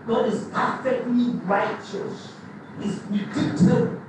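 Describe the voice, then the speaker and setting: A man's voice: very high voice, steady tone, takes it slowly, background noise. A man preaching a sermon, emphatic and repetitive, stumbling into restarts as he drives his points home. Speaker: pastor. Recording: echoey hall, mic at a distance.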